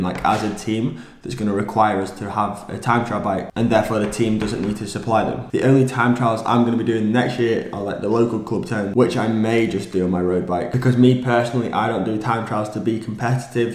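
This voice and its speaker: Brief: young man, lowish voice, relaxed Q&A vlog, roomy echo. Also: a little hiss or hum. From Ireland. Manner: relaxed, casual, stumbles over words. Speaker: cycling vlogger. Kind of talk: answering viewer questions. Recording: echoey room.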